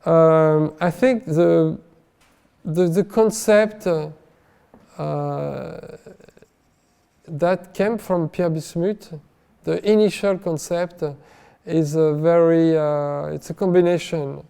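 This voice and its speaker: A man with a French accent answering interview questions haltingly, full of fillers and restarts, in a reverberant hall. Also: fairly high pitch, creaky, dark tone, smooth. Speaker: film director, guest.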